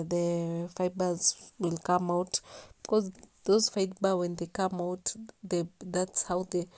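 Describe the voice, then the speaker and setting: A young woman recording a relaxed, sleepy voiceover for her home cleaning video, soft-spoken and slipping into whispers now and then. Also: fairly low pitch, dry recording. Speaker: vlogger doing a cleaning voiceover. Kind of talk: casual voiceover narration.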